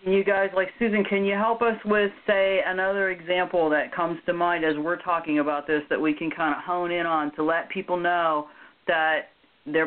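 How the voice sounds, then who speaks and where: A woman hosting a panel discussion, talking haltingly with many restarts and ums. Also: low-pitched. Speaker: host. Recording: tinny phone-like line.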